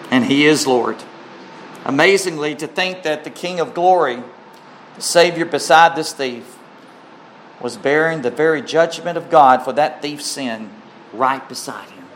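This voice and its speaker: Male preacher, fairly high voice, slow earnest sermon delivery, faint room hum. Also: a bit bright. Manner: slow, earnest, heartfelt preaching with emphatic rises; clears throat now and then.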